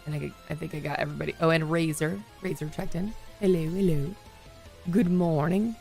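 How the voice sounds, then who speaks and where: A woman hosting a live stream in casual chat, talking to her viewers and laughing often, her voice still a little hoarse. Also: low-pitched, steady tone, fast, a little mellow, faint music behind. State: slightly hoarse, voice recovering. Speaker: livestream host.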